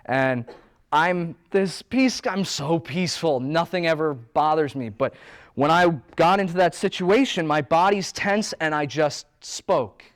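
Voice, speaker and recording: A man in his thirties, a wellness coach, giving an animated, joking motivational talk. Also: fairly high pitch, unhurried. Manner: animated and joking, with playful asides.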